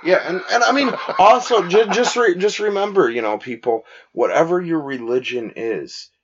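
A man's voice: fairly high pitch, normal speed, a little hiss or hum. A man co-hosting a podcast from a small home studio, giggly and blunt in his crude banter. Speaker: podcast co-host. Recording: dull lo-fi recording.

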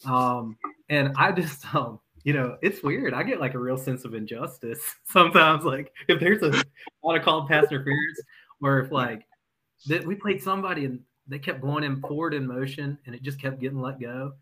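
A man who is a former football coach, a podcast guest telling animated stories and laughing often. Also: mid-range voice, normal speed, a little hiss or hum, poor audio. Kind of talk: casual podcast storytelling.

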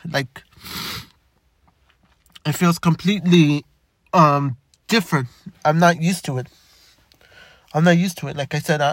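A young man talking candidly in a halting way, with many stammered restarts. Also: a little high, dry recording. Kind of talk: personal reflective monologue.

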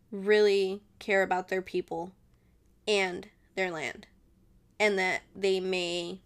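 A woman hosting her own show, chatting casually and rambling, laughing often and switching into Spanish now and then. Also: medium pitch. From Mexican family. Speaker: podcast host. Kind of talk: casual solo chat.

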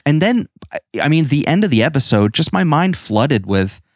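A man's voice: on the high side, moderate pace, dry recording, clean studio sound. A man co-hosting a podcast, chatting casually and rambling animatedly about a comic book. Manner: rambling, animated, restarts often. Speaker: podcast co-host.

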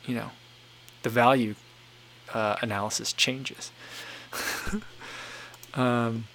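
A man's voice: medium pitch, steady tone, slow, fairly bright tone, slight background noise. A man hosting a casual livestream, reading viewer comments aloud and answering them in a rambling, filler-heavy way as he thinks aloud. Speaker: livestream host reading chat.

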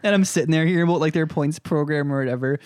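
A young man telling stories in a casual chat, animated, laughing often and swearing freely. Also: on the high side, very fast, clean tone, no room sound, clean studio sound.

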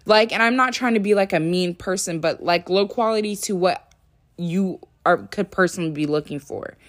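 A young woman vlogs casually to her viewers in a lowish voice at a normal speed. She is chatty and rambling, full of fillers like "like," and sounds sleepy, yawning as she talks to the camera.

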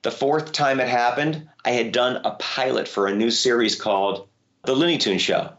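Guy voice actor chatting in an interview, mid pitch, gets squeaky when excited, kinda muffled sound. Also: normal speed. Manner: animated storyteller, voice jumps high when excited. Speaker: voice actor guest. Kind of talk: interview conversation.

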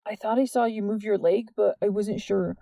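An earnest, wordy teenage boy speaking softly and sincerely, read by a woman. The tone is very dark and mellow, with no hint of brightness. It sounds close and dry, like a storybook reading. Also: medium pitch, steady tone, moderate pace, gravelly, dry recording, lightly acted. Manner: soft, plain and sincere.

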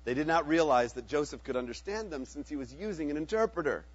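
A man's voice: a little high, animated, quick pace, hardly any pauses, husky, no echo. A man reading a scripture passage aloud, now and then breaking off into casual, joking asides. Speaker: scripture reader. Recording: dull lo-fi, dry.

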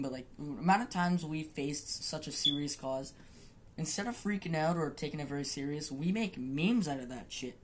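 A woman hosting a solo podcast, rambling casually and swearing, with frequent laughter. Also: sits low. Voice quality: profane, rambling, laughs often. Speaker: podcast host.

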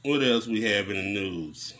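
A man giving casual news commentary on a vlog, preaching in animated rants full of slang. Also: fairly low pitch, measured pace.

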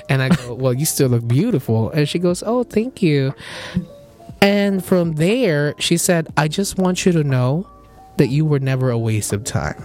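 A man's voice: on the high side, expressive, unhurried, darkish tone, faint music behind. A young man hosting a podcast, animatedly telling a dream story with laughs, casual chat among friends. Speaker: podcast host.

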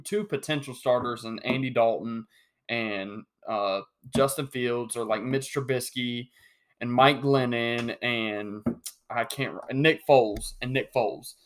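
A man's voice: mid-range voice, a little slow. Chatty young man hosting a sports podcast. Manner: animated, joking, with many restarts. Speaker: podcast host. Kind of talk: solo sports podcast monologue.

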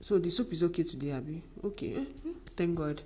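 A middle-aged Nigerian woman hosts her podcast with a motivational talk to women. Her voice sits a little low for a woman, and she tells her stories with animation, acting out the dialogue. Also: animated, quick pace, darkish tone. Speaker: podcast host.

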